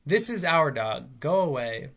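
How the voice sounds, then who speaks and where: A man's voice: fairly high pitch, sing-song, measured pace, fairly bright tone, full character voice. A man voicing a neighbor mother who answers curtly and coldly. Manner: curt, cold. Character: curt, unyielding neighbor mother.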